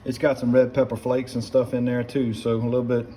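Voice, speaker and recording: A middle-aged man with a South Louisiana accent cooks in his home kitchen and chats folksily with viewers, repeatedly calling them guys, in a casual cooking demonstration. His medium-pitched, warm voice moves little in pitch and runs a little fast. Pots and utensils clink, and there is a little hiss or hum.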